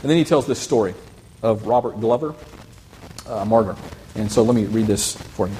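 A man preaching, reading a story aloud to his congregation in an earnest, measured way and then leading a prayer. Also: fairly low pitch, mellow, a little hiss or hum, low-quality recording.

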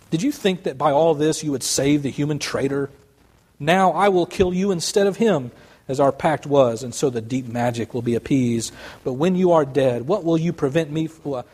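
A man voicing a cruel, gloating female witch queen, reading her lines slowly in a quivering voice. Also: a little high, darkish tone, husky. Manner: quivering, slow and menacing.

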